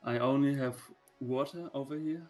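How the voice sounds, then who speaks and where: A man on a video-call date, talking hesitantly with many pauses and fillers. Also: medium pitch, a little mellow, soft background music. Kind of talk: casual video-call chat.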